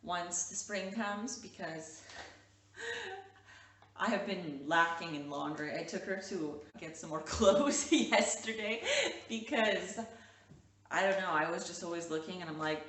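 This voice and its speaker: Young mom from canada rambling on with lots of "like"s, bit lowish voice, sounds a little far off in an echoey room. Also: female voice, unhurried, a bit bright. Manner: rambling, many "like" fillers, coos to her child. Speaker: mom vlogger. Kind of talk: casual chat to camera with her toddler. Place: home room. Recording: roomy sound, mic a bit distant, faint hiss.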